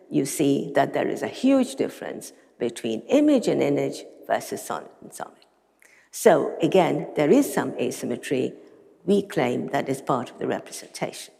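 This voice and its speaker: A woman's voice: low-pitched, very animated, normal speed, creaky, warm tone. A woman giving an academic lecture with dry humor and casual asides in a large lecture hall. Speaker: conference lecturer. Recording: long reverb of a lecture hall.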